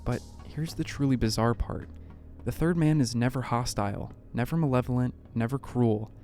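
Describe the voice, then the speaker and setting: Male documentary narrator with a mid-range voice, measured and suspenseful, reading over soft music. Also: mid-range voice. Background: faint background music.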